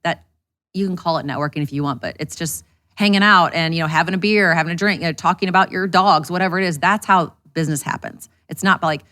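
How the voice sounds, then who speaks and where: A woman speaking at a quick clip in a slightly low voice, candid and blunt, cursing casually as she explains how she runs things. She talks as a guest in a relaxed interview conversation. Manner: fast, candid, swears freely. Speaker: interview guest, business owner.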